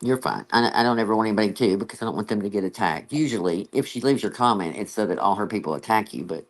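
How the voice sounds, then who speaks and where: A male host chatting casually with a caller, friendly, and often clearing his throat. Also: fairly low pitch, expressive, fast. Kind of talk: casual chat.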